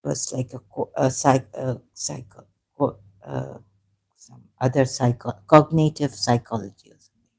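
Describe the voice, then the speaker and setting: A woman in her fifties telling her personal story, emotional and halting, rambling with restarts and self-corrections. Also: rumbling low, steady tone, creaky, mellow, slightly rough. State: emotional, close to tears.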